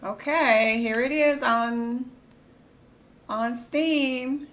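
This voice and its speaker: A young woman live-streaming, chatting casually and reacting excitedly, gasping and squealing, then muttering quietly to herself. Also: fairly high pitch, extremely slow.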